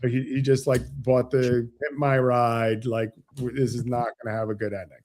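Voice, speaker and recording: A man, a financial advisor guest on an interview show, explaining with animated stories and acted-out dialogue. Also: medium pitch, normal speed. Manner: animated, acts out quoted dialogue. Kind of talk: casual interview storytelling.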